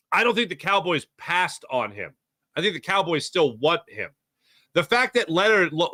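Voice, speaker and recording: Bright-voiced jokey Philly sports host. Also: male voice, on the high side, dry recording, studio quality. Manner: rambling, jokey, reacts to chat names. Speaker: sports talk show host. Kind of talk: casual live-stream chat reading comments.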